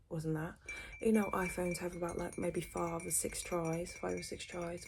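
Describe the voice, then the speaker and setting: A young British woman doing a whispered role-play, gossiping quickly and switching between whispers and a soft voice, close to the mic. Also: lowish voice, a little hiss or hum. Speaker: ASMR creator.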